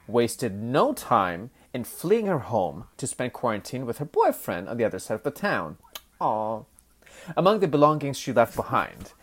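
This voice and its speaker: A woman with a very deep voice tells odd news stories on a casual chat show, playful and expressive. Her pitch rises and falls a lot. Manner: playful, expressive storytelling with laughs. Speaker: co-host.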